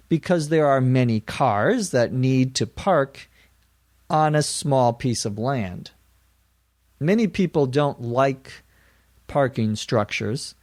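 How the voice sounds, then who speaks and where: A middle-aged man narrating a scripted English lesson, slowly and carefully explaining each word. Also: medium pitch, dry recording, studio quality. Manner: slow and deliberate, defining words plainly. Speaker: English teacher.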